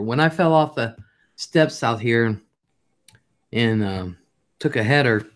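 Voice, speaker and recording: An older woman hosting a live chat show, telling rambling, profane stories in a blunt way and reading out viewer comments. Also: very deep voice.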